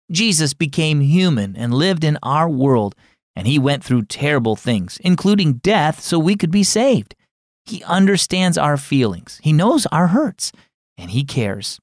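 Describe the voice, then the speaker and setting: A tender, earnest mother soothes her grieving child in a storybook tale, as a male narrator reads her part. Her speech rises and falls in a lively, caring way. The sound is dry and close. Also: a little high, dry recording. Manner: soft, reassuring, earnest. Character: gentle caring mother comforting her daughter.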